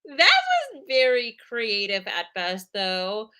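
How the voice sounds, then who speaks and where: A woman guest on a casual wrestling chat, enthusiastic and quick to agree. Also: mid-range voice, pushed and bright, clear, resonant tone. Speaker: guest co-host.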